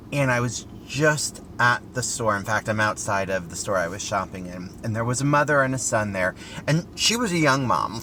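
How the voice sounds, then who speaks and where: A man's voice: mid-range voice, slight background noise. A middle-aged man vlogging from a parked car, telling a story in an earnest, chatty way. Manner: chatty, earnest, lively with rhetorical questions. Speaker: style vlogger. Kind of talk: casual storytelling commentary. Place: inside a parked car outside a store.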